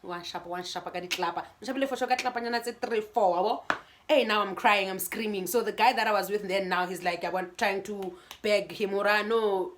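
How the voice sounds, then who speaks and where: A South African woman sits down for a storytime vlog, recounting events in a lively, conversational way. She often restarts her sentences and keeps the tale moving. Her voice sits at a medium pitch. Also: fast talker, slight background noise. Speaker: YouTuber.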